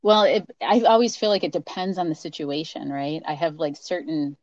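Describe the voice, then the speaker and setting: A woman's voice: sits low, steady tone, moderate pace, darkish tone, no echo, lo-fi sound. A woman guest in a casual conversation, talking thoughtfully and hesitantly. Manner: thoughtful, hesitant, many fillers and restarts.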